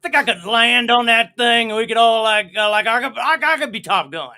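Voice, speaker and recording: A man's voice: extremely high pitch, brisk, sharp tone, pitched above the performer's own voice, full character voice. A man doing an impression of a folksy, swaggering middle-aged male politician. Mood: cocky. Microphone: video call.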